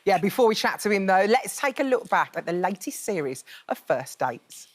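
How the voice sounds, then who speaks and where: A woman's voice: mid-range voice, sing-song, moderate pace. A woman co-presenting a morning TV show, chatty and upbeat with the guest. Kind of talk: presenter chat.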